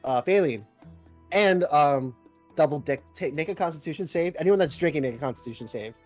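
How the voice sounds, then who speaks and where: A man's voice: on the high side, animated, fairly quick, darkish tone, faint music behind. A man narrating as game master, loose and rambling with lots of filler.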